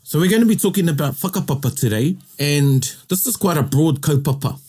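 A man from New Zealand with a New Zealand accent, co-hosting a casual bilingual chat in a playful, animated way. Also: on the high side, a little fast, breathy edge. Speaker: co-host.

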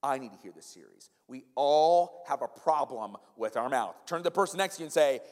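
Brief: male pastor, 40s, fairly high voice, lively conversational sermon, long hall reverb. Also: brisk. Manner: animated, conversational, addresses the congregation directly.

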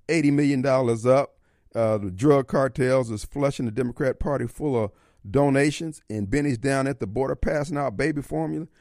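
A man's voice: mid-range voice, no room sound. A man hosting a talk radio show from a studio, folksy and theatrical in his opinionated monologue. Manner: theatrical, folksy, slips into voices and asides.

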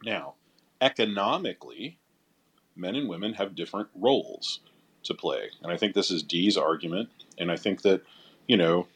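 Deep, husky man explaining scripture. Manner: measured, explanatory. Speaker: podcast co-host answering Bible questions. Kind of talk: casual explanation.

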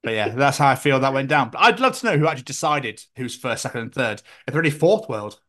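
A man's voice: medium pitch, expressive, quick pace, a bit bright. A man co-hosting a podcast in casual comedic chat, dry and jokey, swearing casually. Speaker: podcast co-host.

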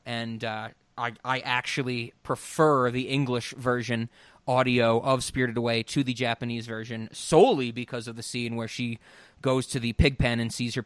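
A male podcast host with a mid-range, slightly bright voice that's clear and resonant chats casually about film voice acting. He's rambling and opinionated, with plenty of ums, restarts and swearing. The recording is dry and clean, studio-grade.

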